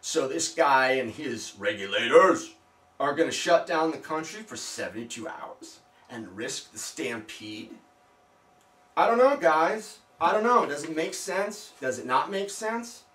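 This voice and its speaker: A man's voice: fairly high pitch, sing-song, a little slow, a bit bright. A man giving casual skeptical commentary to his viewers, firing off rhetorical questions and mocking asides. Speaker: video blogger. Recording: roomy, distant from the mic.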